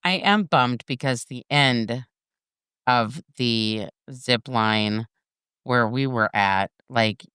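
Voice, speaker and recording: A blunt, self-mocking woman co-host in casual chat. Her voice is low for a woman, and she swears easily. The sound is dry and close. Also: slow pace, a bit bright, clear, resonant tone, dry recording. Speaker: podcast co-host.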